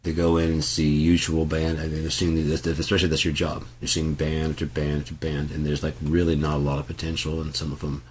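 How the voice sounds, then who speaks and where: Very deep-voiced man, rambling and profane. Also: completely flat delivery, brisk, hardly any pauses, slight background noise. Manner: loose, profane, full of asides and restarts. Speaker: music channel host. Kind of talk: casual rambling talk to camera.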